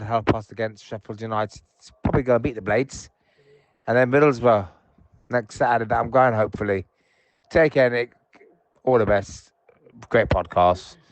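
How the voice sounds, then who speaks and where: A man's voice: lowish voice, no room sound, lo-fi sound. A man leaving angry, rambling, swearing voicemail messages from his sofa at home. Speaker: voicemail caller. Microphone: phone voicemail.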